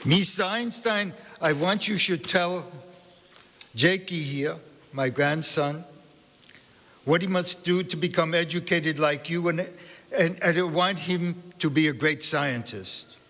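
A man voicing a tiny, pushy old grandmother with a Central European accent, loud and insistent. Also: low-pitched, slow pace, pitched above the performer's own voice, exaggerated voice. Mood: bossy. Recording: long hall reverb.

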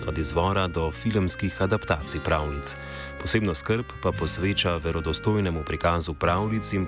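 A man hosting a show, reading a scripted narration in an even, measured way. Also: sits low. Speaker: radio show host. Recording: music bed under voice. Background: guitar music.

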